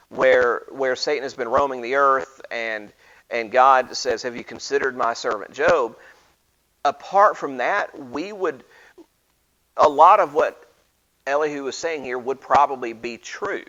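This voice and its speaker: A man's voice: medium pitch, a bit bright, muffled recording. A man leading an informal Bible study, talking casually with frequent restarts and reading scripture aloud.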